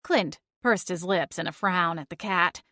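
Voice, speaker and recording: A woman narrating a first-person audiobook in an even, measured storytelling voice. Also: lowish voice, no echo, studio quality.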